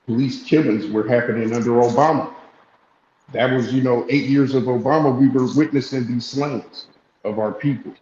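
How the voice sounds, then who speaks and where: A man speaking as a guest in a casual chat, halting and repeating his words. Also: medium pitch, darkish tone. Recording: echoey, dull call audio with faint noise.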